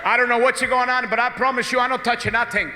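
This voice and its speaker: A man's voice: very high voice, steady tone, fast, over a noisy crowd, very noisy, pitched above the performer's own voice. A man voicing a panicky, dramatic immigrant uncle making a plane announcement in broken English. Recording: echoey hall, faint ambience.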